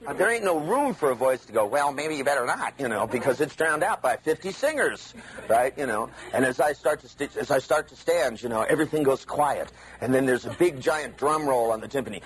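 Animated male seminar lecturer. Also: medium pitch, fairly quick, a little hiss or hum, low-quality recording. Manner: animated, acts out inner voices.

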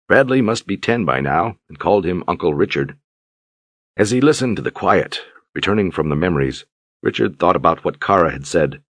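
Deep husky male narrator. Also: expressive, brisk, dry recording. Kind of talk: audiobook narration.

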